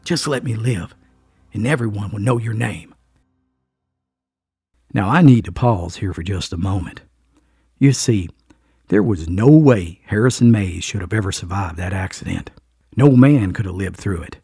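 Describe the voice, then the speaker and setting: Gravelly storyteller man. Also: on the low side, darkish tone. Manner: earnest, dramatic. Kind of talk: scripted first-person story narration.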